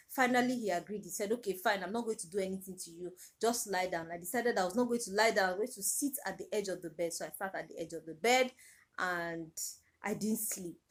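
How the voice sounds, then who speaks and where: A woman's voice: mid-range voice, fairly bright tone. A young Nigerian woman with a Nigerian accent, retelling a personal story in a vlog with urgent, repetitive emphasis. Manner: emotional, urgent retelling with repeated phrases. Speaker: vlogger.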